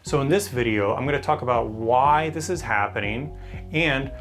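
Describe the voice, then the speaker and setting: A man, a teacher trainer, explaining classroom techniques in a clear, friendly instructional video. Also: mid-range voice, moderate pace, fairly bright tone, soft background music.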